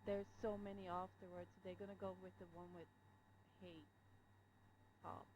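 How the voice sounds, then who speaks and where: Woman player in a tabletop session, unsure and halting, faint hum behind. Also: lowish voice, little pitch movement, darkish tone, low-quality recording. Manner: hesitant, unsure. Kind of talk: casual game chat.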